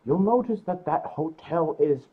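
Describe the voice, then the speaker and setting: A man's voice: on the high side, lively intonation, normal speed, lightly acted. A man voicing an ancient male celestial dragon, a theatrical and wry storyteller on a live stream, heard over a call line. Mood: storytelling. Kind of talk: live stream banter in character. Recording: tinny phone-like call line.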